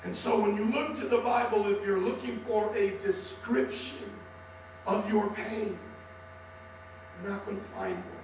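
A man preaches with a high, strained voice that sounds worn. He builds to shouts for emphasis. He is heard from a distance in a very echoey hall with a faint electrical hum. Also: steady tone, a little slow, lo-fi sound. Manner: impassioned, swings to shouting for emphasis. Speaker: pastor. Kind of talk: sermon.

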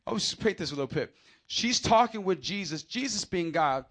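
A male pastor preaching a sermon, animated, acting out voices and swinging from quiet asides to shouting. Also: on the high side, brisk. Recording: audio of a live sermon.

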